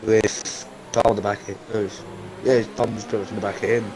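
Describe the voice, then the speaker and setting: A man's voice: fairly low pitch, flat delivery, fairly quick. A man commentating live on a sim race with a strained, fading voice and frequent startled exclamations. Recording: noisy stream audio with engine sound.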